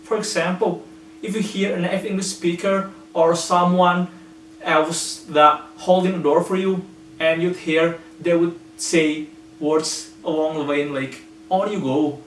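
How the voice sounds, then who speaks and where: A man's voice: high voice, fairly even intonation, unhurried. An Indonesian-speaking man giving earnest, patient English-learning tips with plenty of examples. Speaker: English teacher. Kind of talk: explanatory lesson. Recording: echoey room, slightly distant mic, faint hum.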